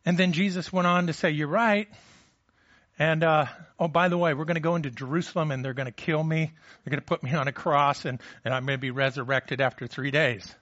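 A man's voice: on the high side, steady tone, brisk, fairly bright tone, dry recording, dull audio. A man preaching a sermon in a conversational way, with frequent restarts and rhetorical questions. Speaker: pastor.

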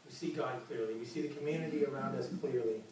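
A man's voice: mid-range voice, quick pace, darkish tone, a little hiss or hum. A man preaching a sermon as pastor, earnest and often repeating his words. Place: large church hall. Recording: very echoey hall, mic from far.

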